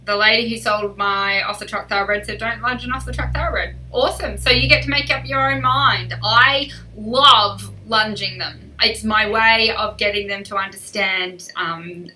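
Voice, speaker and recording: A woman's voice: mid-range voice, pushed and bright, far from the mic, rough recording. A woman riding coach hosting a live stream, chatty and upbeat as she reads out and answers viewer questions.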